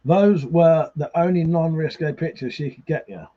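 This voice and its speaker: A man's voice: fairly high pitch, moderate pace, mellow. A drunk man hosts a livestream, chatting casually, reading out viewer comments, swearing freely and laughing often. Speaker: livestream host. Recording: slightly muffled livestream audio.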